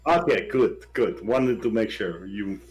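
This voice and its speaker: A man's voice: fairly low pitch, measured pace, highs cut off, soft background music. Sarcastic man playing a tabletop game. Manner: dry, sarcastic banter. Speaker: player. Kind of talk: tabletop role-play chat.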